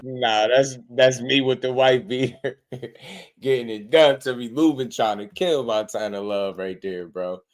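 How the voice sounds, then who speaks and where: A man's voice: medium pitch, a little slow. A man in the middle of the male range hosts a boxing channel, riffing loosely on clips he has just watched. His talk is slangy and rambling, and it is broken up often by laughter. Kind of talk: casual reaction commentary.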